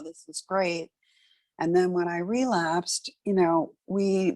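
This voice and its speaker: A woman's voice: fairly low pitch, a little mellow, no room sound. A middle-aged woman telling her personal story as an interview guest, earnest and conversational with many fillers. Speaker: interview guest, patient advocate.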